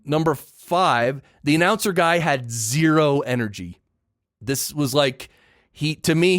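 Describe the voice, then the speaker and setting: A man's voice: on the high side, no echo, studio quality. Opinionated man ranting on a podcast. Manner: opinionated, emphatic ranting with repetitions. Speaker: podcast host. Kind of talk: casual solo podcast monologue.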